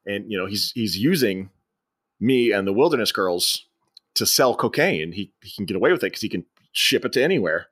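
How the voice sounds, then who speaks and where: A man muttering a deadpan dramatic woman informant. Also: fairly low pitch, fairly quick, breathy edge, no echo, clean studio sound, pitched below the performer's own voice. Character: adult woman informant from a parody cop film, earnest and overdramatic.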